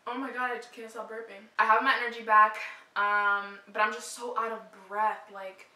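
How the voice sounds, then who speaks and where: A woman's voice: fairly high pitch, little pitch movement, normal speed, pushed and bright, roomy sound, distant mic, poor audio. A young woman vlogger chatting casually to camera, short of breath, with a lot of "like" and "um". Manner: chatty, frequent "like" and "um" fillers.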